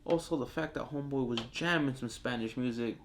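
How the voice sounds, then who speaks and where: A man's voice: medium pitch, a little fast, slight background noise. A man reviewing a TV show in casual, profane talk, acting out the characters as he goes. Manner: animated, profane, acts out characters.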